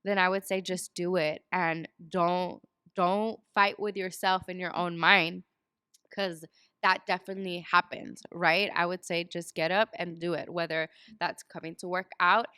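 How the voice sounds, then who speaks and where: A woman in her twenties chatting as a podcast guest, animated, often laughing and acting out what people said. Her voice is smooth and resonant, recorded close and dry. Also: lowish voice, a little slow, dry recording. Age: 20s. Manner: animated storyteller, acts out quoted dialogue, laughs often. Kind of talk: casual chat.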